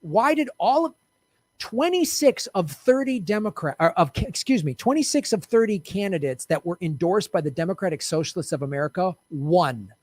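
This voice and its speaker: Man, political commentary host, heated rant, blunt, profane, high voice, dry close sound. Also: animated, normal speed, a little mellow, no echo. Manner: fiery, blunt, profane, repetitive.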